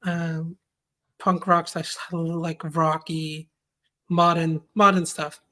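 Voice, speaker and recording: A young woman with a slightly low voice answers interview questions in a loose, rambling way. She searches for her words, and her speech is full of ums and likes. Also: level tone, slow pace, a bit bright. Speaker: open source maintainer guest. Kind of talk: casual interview chat.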